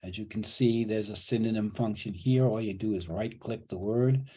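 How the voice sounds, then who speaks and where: A man's voice: lowish voice, fairly even intonation, moderate pace, warm tone, husky. A man teaching a college writing class over a video call, explaining grammar patiently and repeating key points. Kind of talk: online class lecture. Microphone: computer mic on a video call.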